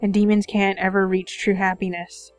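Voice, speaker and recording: A woman reading a visual novel's first-person narration aloud at a steady, even pace. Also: mid-range voice, moderate pace, no echo, soft background music.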